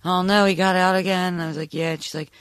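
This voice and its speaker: A fairly high-voiced man tells a loose anecdote on a podcast and keeps quoting what others said. The recording is dry and close. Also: level tone, quick pace, a bit bright, clean tone, dry recording. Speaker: podcast co-host. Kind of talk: casual storytelling.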